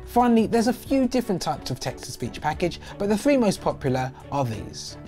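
Lively man explaining software. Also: sits high, a little fast, faint music behind. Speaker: host. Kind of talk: explanatory tutorial voice-over.

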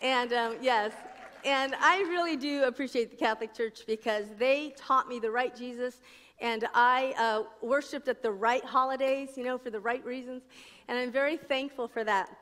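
Woman from new jersey, middle-aged, high voice, lively storyteller, echoey conference hall. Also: moderate pace. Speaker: conference speaker. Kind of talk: personal testimony talk.

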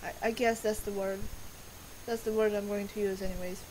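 A woman's voice: medium pitch, little pitch movement, normal speed, poor audio. A teenage girl casually commenting on a spooky game she plays, with joking asides and read-out dialogue. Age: teens. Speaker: let's play gamer. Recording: game music playing loudly underneath.

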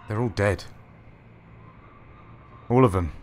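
A man giving wry, sarcastic let's-play commentary while playing a horror game, swearing often and yelling when startled. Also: sits low, lively intonation, unhurried, slight background noise. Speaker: gaming video host.

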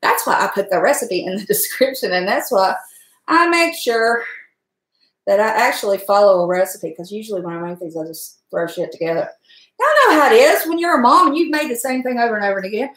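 A woman's voice: fairly high pitch, animated, fairly quick, a bit bright, roomy sound. A middle-aged woman, chatting and rambling to her viewers while she cooks in her home kitchen. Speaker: cooking vlogger. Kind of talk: casual chat while cooking.

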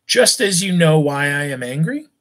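A man reading aloud who voices a stern, talkative farmer father, lecturing his son in a measured, reasoning way. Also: a little high, sing-song, fairly bright tone.

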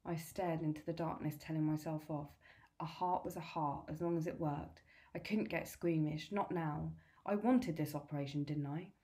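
A woman tutor reading a children's novel aloud in a steady, clear way. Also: low voice, moderate pace.

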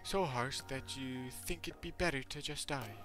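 A man doing a mock British accent as an earnest young male headmaster, speaking slowly and pleadingly. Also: medium pitch, over music, voice pushed up, close to an everyday voice. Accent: attempted British.

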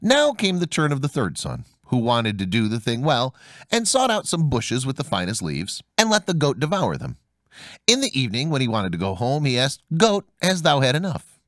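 A man narrating a fairy tale audiobook in an expressive storytelling manner. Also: mid-range voice, moderate pace, no echo, clean studio sound. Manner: expressive storytelling, voicing each character.

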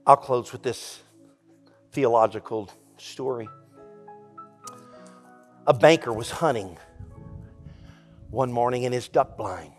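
A man preaching a sermon as pastor, telling a folksy joke story and speaking in a lively, conversational way. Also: medium pitch, slow, long pauses, faint music behind. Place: church sanctuary.

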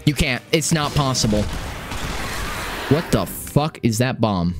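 Young man, gaming stream commentary, lively swooping pitch, repeats phrases, loud game music behind. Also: measured pace. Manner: excitable, swears, repeats phrases, swings between yelps and low mutters. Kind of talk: live gameplay commentary.

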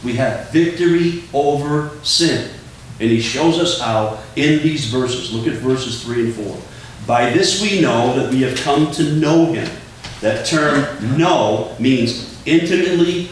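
A man preaching a sermon as pastor, earnest and emphatic, often repeating words as he drives a point home. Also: on the high side. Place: church sanctuary. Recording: echoey church room, distant mic, faint hum.

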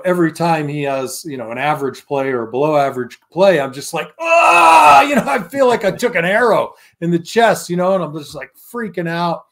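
A man in his fifties, a former pro football lineman, telling stories as a guest in a casual interview, acting out quoted voices and laughing often. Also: a little high.

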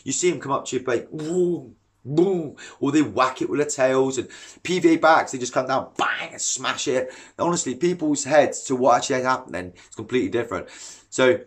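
Man, casual vlog rant, blunt and slangy, medium pitch, water sounds behind. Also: lively intonation, fairly quick. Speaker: carp fishing vlogger. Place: at home, then outdoors by a garden pond.

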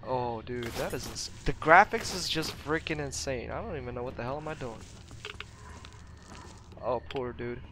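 A man's voice: mid-range voice, moderate pace, noisy background. A man with Russian as his first language giving live commentary while playing a game, talking to himself, exclaiming and chuckling often. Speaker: let's play gamer.

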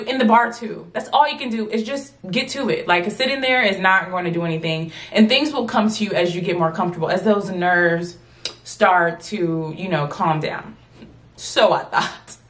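A woman in her late twenties telling a storytime vlog to her viewers, in a lively, chatty way that keeps calling out to them. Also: medium pitch. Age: 20s. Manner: animated, chatty, addresses viewers as y'all. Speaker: vlogger.

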